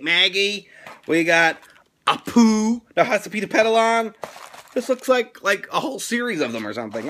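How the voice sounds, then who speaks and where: A middle-aged man hosts an energetic toy unboxing, loud and excitable, with crude jokes and sudden squeals. His voice sits high for a man and swings up and down a lot. The tone is bright and sharp. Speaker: toy channel host. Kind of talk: energetic fan mail unboxing.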